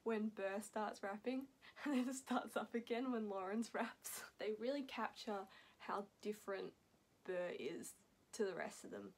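A young Australian woman rambling excitedly in a casual reaction vlog, laughing often between thoughts. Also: medium pitch, measured pace, slightly rough. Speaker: vlogger.

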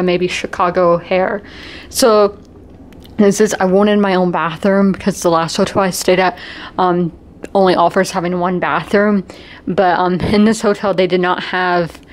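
A woman in her twenties from South Carolina, chatting casually as a vlogger while showing a hotel room, with lots of ums and light laughs, a bit out of breath. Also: medium pitch. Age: 20s. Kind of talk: casual vlog tour.

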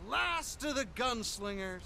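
An excitable writer of westerns from a video game, with a high, bright voice. He talks slowly and lightly. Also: creaky, slight background noise, heavily acted. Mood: relieved. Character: adult male western writer, nervous and eager.

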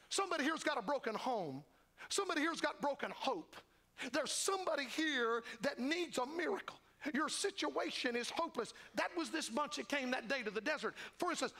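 High, gravelly preacher man. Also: pushed and bright. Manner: fervent, repetitive preaching cadence. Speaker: revival preacher. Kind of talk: sermon. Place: church sanctuary.

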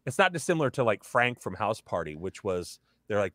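Deep-voiced man rambling in an interview. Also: very animated, a little fast, fairly bright tone, no room sound, clean studio sound. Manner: rambling, with many fillers, and slips in and out of character voices. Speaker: voice actor guest. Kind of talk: casual podcast interview.

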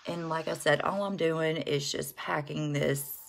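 A low-pitched woman with a Southern US accent talks casually on a makeup livestream. Her voice sits deep for a woman, and her chat rambles along with plenty of fillers as she greets viewers. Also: steady tone, unhurried, gravelly. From American South.

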